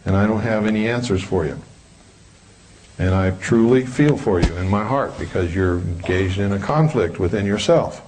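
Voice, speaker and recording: A man's voice: lowish voice, normal speed, background noise. A man giving a live lecture to an audience in a hall, blunt, combative and preachy. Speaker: public speaker.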